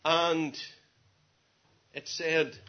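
A man preaching an evangelistic sermon, earnest, swinging from quiet to loud with drawn-out emphasis. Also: on the high side, flat delivery. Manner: earnest, rises and drops sharply in volume, drawn-out emphasis. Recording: dull lo-fi sermon recording.

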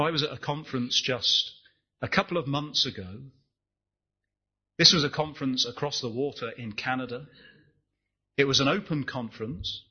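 A man's voice: medium pitch, slightly rough, lo-fi sound. A man preaching a sermon, impassioned, rising and falling, asking the congregation rhetorical questions.

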